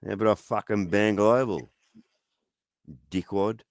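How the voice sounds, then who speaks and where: Angry male streamer, profane taunting rant, low voice, dry mic. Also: steady tone, unhurried, dry recording. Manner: profane, taunting, goading questions.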